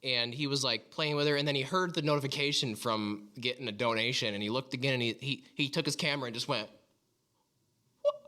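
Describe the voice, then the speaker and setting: A man chatting on a podcast, words tumbling out quickly. He rambles, backtracks and loses the thread, a tangent-prone storyteller among friends. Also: mid-range voice, pushed and bright. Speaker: podcast co-host. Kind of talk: casual chat.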